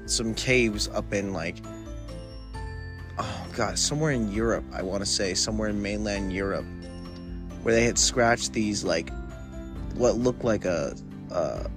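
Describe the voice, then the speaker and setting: A young man with a low voice hosts his own podcast, rambling loosely from one thought to the next while stoned. His talk is casual and full of filler words. Faint music plays underneath. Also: unhurried, long pauses. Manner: rambling and laid-back, heavy on filler words. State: high from smoking weed. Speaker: podcast host. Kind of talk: casual solo podcast monologue.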